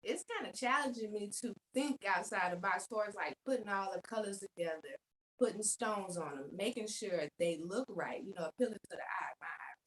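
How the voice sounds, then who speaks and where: A woman's voice: mid-range voice, a little fast, low-quality recording. Polite woman guest on a video call. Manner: polite, friendly, says yes ma'am. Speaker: guest, business owner. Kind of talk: casual interview answers.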